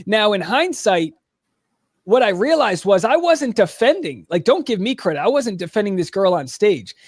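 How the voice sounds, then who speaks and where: Comedian guest, male, high-pitched for a man, animated storyteller, dry close mic. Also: no room sound. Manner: animated storyteller, quick restarts and asides. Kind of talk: casual interview storytelling.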